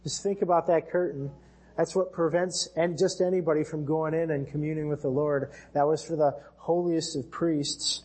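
A husky, mellow-voiced American man preaches an earnest sermon with fairly even intonation at a moderate pace. He speaks a touch high and lifts his pitch for scripture.

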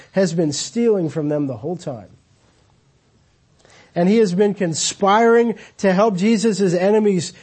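A man's voice: sits high, mellow, breathy edge. A man preaching a sermon as pastor, telling the story in a casual, conversational way with rhetorical questions. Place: church.

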